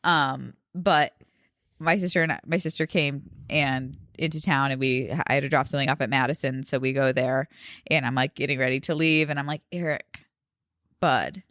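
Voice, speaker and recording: A woman's voice: a bass voice, steady tone, moderate pace, a bit bright, no echo, clean studio sound. A young woman co-hosting a podcast, rambling and joking in casual chat. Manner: rambling, joking, many fillers. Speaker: podcast co-host.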